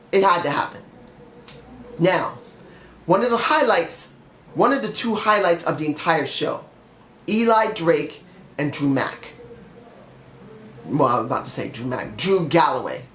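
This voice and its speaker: A man's voice: a little high, animated, unhurried, pauses often, a bit bright, echoey room, slight background noise. Blunt ranting young man, slightly sick. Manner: ranting, blunt, mild swearing. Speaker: wrestling show reviewer. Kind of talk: opinionated solo review.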